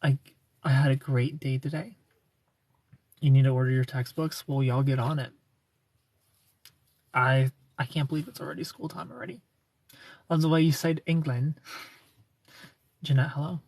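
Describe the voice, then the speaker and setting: A man's voice: mid-range voice, steady tone, moderate pace, long pauses, a little mellow, no room sound. A man hosting a casual livestream, greeting viewers and answering their comments in a playful, teasing, flirty way.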